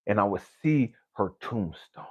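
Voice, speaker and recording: A man, a spiritual coach, giving an emotional, confessional motivational monologue that drops to low murmurs and rises to near-shouts, swearing often. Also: lively intonation, measured pace, slightly rough, lo-fi sound.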